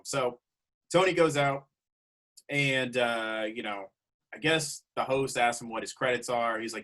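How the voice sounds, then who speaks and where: A man with a mid-pitched, bright voice tells a comedy road story as a podcast guest. He talks loosely and casually, with restarts, and backs the host up with quick agreement.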